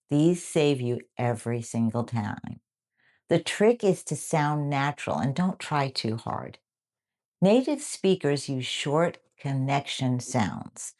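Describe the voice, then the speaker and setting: Brief: woman English teacher, very deep voice, unhurried, upbeat modeling of phrases. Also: expressive, darkish tone. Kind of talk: live online lesson.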